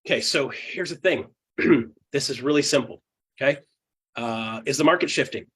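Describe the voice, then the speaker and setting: A man leading a live seminar for real estate agents, energetic and blunt, swearing casually, laughing often and checking in with "right?". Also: medium pitch, moderate pace, breathy edge. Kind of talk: live seminar talk to an audience.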